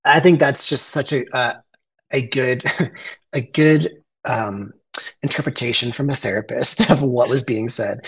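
A man in his forties presenting a photography project in an earnest, emotional way, with halting fillers. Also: mid-range voice, a bit bright, slightly rough, rough recording. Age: 40s. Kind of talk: conversational presentation.

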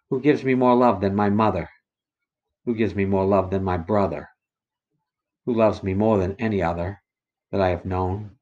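A man reciting his own rhyming religious poems in a slow, measured, rhythmic way. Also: fairly low pitch, fairly even intonation, darkish tone. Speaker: poet reciting testimony. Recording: dull lo-fi recording.

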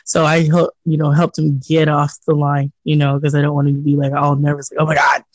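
Man, podcast co-host, slightly high voice, animated storyteller, dry mic. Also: brisk, no echo, poor audio. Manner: animated storyteller, laughs often, acts out quotes. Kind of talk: casual chat.

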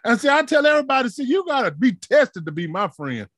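A man preaching with fervor, his voice sitting unusually high and rising into shouted peaks before falling to murmured asides. The sound is close and dry, with no room around it. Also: big pitch swings, quick pace, no room sound. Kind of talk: sermon.

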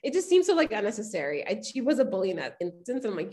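A woman co-hosting a podcast in casual chat, animated and acting out the voices of people she quotes. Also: mid-range voice, rapid-fire. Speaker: podcast co-host.

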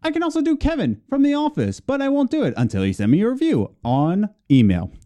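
A man hosts a casual gaming podcast, rattling through plugs and headlines with playful, teasing jokes tossed in. His voice sits a little high and leaps around expressively. The tone stays mellow rather than sharp. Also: wildly swooping pitch, a little fast. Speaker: podcast co-host.

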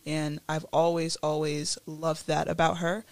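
A woman co-hosting a casual podcast chat, earnest and storytelling with quick laughs. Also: deep voice, monotone, no echo. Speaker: podcast co-host.

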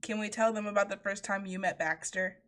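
A woman's voice: mid-range voice, brisk, very noisy. A woman in casual chat, swearing freely and laughing often as she tells stories. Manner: laughing, profane, animated storytelling.

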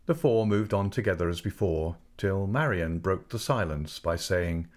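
A man narrating a classic novel as an audiobook, with a measured, unhurried literary delivery. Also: low-pitched, lively intonation.

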